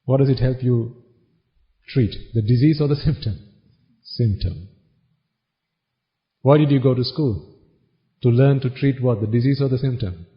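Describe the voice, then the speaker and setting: A man preaching a Buddhist sermon at a mid pitch, putting question after question to his listeners and answering each one himself. He slips into rapid Pali chanting now and then. The recording is dull and lo-fi. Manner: chants Pali phrases quickly. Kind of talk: dharma talk sermon.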